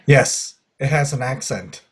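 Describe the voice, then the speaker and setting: A man from Malaysia co-hosting a podcast, talking in a relaxed, chatty way and laughing often. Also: medium pitch, measured pace, background noise. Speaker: podcast co-host. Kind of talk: casual chat.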